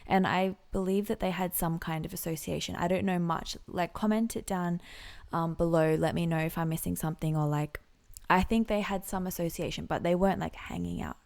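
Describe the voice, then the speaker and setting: A woman giving casual, reflective reaction commentary on a song, soft-spoken and sometimes slipping into whispered asides. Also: lowish voice, steady tone, a little fast, creaky. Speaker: music reaction vlogger and singer.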